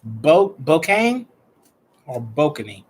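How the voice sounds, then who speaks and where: A man's voice: on the high side, sing-song, slow pace, husky, low-quality recording. A man from Chicago giving casual, playful tarot readings to viewers. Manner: chatty, playful, talks to viewers. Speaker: tarot and numerology reader.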